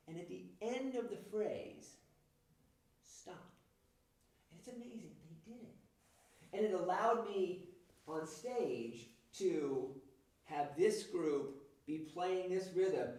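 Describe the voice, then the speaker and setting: A man's voice: fairly high pitch, darkish tone. A man leading a music workshop, demonstrating rhythms by chanting and counting aloud for a group. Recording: echoey room, from a distance.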